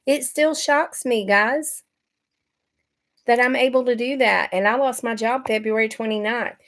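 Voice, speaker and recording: A woman's voice: fairly high pitch, unhurried, a bit bright. A middle-aged woman from Georgia, chatting casually on a livestream and greeting viewers by name. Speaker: livestream host.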